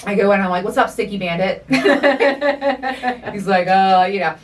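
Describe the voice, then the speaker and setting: A middle-aged woman hosting a podcast, telling a story in animated, profane casual chat and acting out the quotes. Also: medium pitch, fast, distant mic. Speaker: podcast host.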